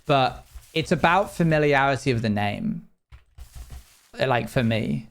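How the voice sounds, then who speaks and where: A man's voice: mid-range voice, animated, measured pace, gravelly. A young man streaming live, chatting casually with his viewers while he plays, rambling and often restarting his sentences. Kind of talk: casual livestream chat while playing.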